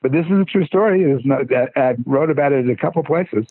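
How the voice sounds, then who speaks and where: Raspy older man on a tinny line. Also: fairly high pitch, fast, no room sound. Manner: rambling, stammering with many restarts. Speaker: podcast guest. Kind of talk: casual storytelling. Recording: husky voice over tinny phone-like line.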